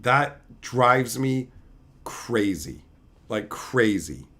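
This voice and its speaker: A man's voice: medium pitch, very animated, very slow, bright, forceful tone. A man streaming as he opens card packs, heatedly ranting and swearing as he tells a story in casual chat.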